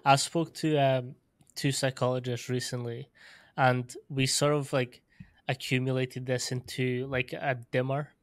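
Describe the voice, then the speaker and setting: A man's voice: mid-range voice, little pitch movement, unhurried, clear, resonant tone, dry recording, clean studio sound. A man hosting a podcast, speaking casually with lots of fillers and the odd swear word. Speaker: podcast host. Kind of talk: casual conversational interview.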